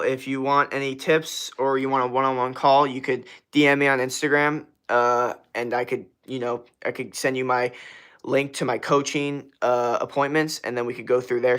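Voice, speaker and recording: A man's voice: mid-range voice, a bit bright. A man of twenty-one from Florida, hosting a casual livestream and answering chat questions in a laid-back, slangy way. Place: outdoors at night.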